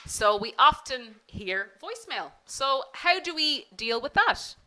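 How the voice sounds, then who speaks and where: Bright-voiced woman teaching business English. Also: high-pitched, big pitch swings, unhurried, rough recording. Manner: polite, encouraging, demonstrates phone phrases. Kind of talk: online class lecture.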